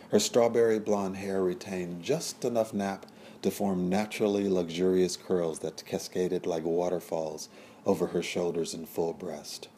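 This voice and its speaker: A man narrating a period story in a measured, descriptive storytelling manner. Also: deep voice, dark tone, a little hiss or hum. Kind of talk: scripted audiobook narration.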